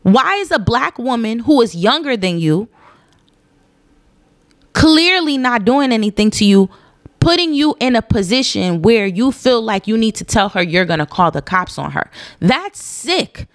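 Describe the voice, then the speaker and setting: A woman's voice: a little high, a little slow, dry recording. Emphatic woman telling a story, dry sound. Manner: emphatic, animated, repeats points for stress. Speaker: storyteller recounting a personal incident. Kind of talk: casual storytime monologue.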